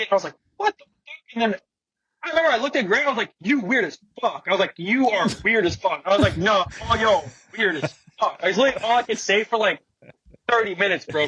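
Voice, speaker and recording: Husky high-voiced young guy telling a story. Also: bright, forceful tone, no room sound, muffled recording. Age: young adult. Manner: profane, slangy, acts out quotes. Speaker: guest, pro skateboarder. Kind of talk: animated storytelling with quoted voices. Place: podcast studio.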